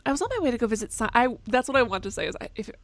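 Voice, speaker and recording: A woman streaming a video game, giving casual commentary in an animated, sweary, self-mocking way. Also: a little high, rapid-fire, no room sound. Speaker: gaming streamer.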